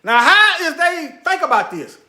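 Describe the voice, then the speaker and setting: High, bright-voiced man in an echoey room. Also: very animated, moderate pace. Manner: repeats phrases for emphasis, talks directly to viewers; muttering asides while searching on screen. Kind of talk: preachy screen-share commentary.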